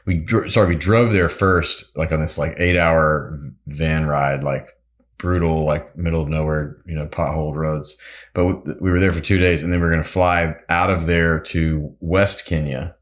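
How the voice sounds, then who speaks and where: A musician and pilot as an interview guest, telling stories in a rambling, laughing way with many restarts. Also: male voice, extremely low pitch. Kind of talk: casual storytelling interview.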